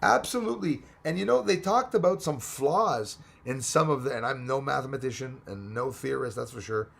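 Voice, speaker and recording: Texan male livestream host, gravel-edged voice, chatty and excitable, thanking viewers as he rambles. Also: mid-range voice, moderate pace. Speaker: livestream host reading chat. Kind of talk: casual live chat.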